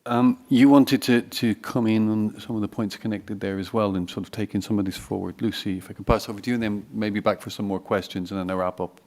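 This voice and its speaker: A man moderating a conference panel, passing the floor in an informal, slightly halting way. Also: on the low side, fairly even intonation, a little mellow.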